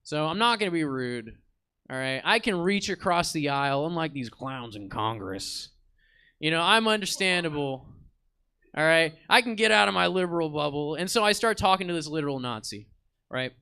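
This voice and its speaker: A man's voice: on the high side, expressive, normal speed, bright, forceful tone, smooth. A man performing an improvised comic monologue, telling a rambling story in a laid-back slacker voice full of fillers. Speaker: improv comedian. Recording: stage theater performance.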